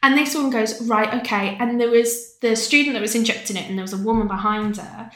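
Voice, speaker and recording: A woman's voice: on the high side, fairly even intonation, brisk, fairly bright tone. Chatty woman in a roomy space. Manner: candid, chatty, often breaks into laughter. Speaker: podcast guest. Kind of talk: casual chat, telling a personal story.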